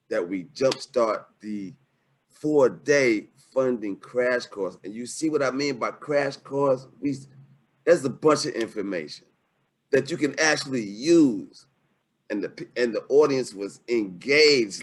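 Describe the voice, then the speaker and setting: A man hosts a live webinar over a video call. His voice sits a little low, and he talks in an emphatic, slangy, excitable way. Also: measured pace. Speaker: webinar host. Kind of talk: casual live webinar hosting.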